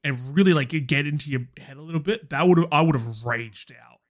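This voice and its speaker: Casting: man, slightly raised pitch, deadpan gaming podcast co-host. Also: a little fast. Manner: dry, wry jokes. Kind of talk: casual gaming podcast chat.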